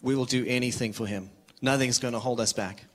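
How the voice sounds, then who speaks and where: Brief: male visiting preacher, mid-pitched, urgent and earnest, casual asides. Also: fairly even intonation, brisk, a bit bright. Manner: earnest and urgent, with self-deprecating asides and frequent restarts. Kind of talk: sermon.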